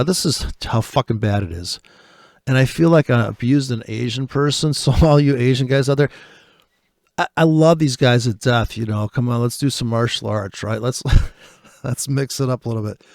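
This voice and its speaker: A man's voice: medium pitch, dry recording, clean studio sound. A man giving profane, rambling commentary on forex trading, ranting and laughing as he breaks off his own sentences. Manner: profane, ranting, laughs often, self-interrupting; swings from muttering to loud outbursts.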